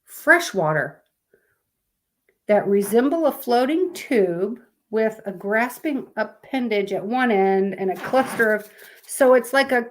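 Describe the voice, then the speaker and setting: A woman hosts a casual live stream, reading fun facts aloud and chatting with viewers. She sounds sleepy and talks at an unhurried, drawn-out pace, wandering off on tangents as she goes. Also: a little high, lively intonation. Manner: rambling, chatty, addresses viewers as y'all. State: sleepy, yawning.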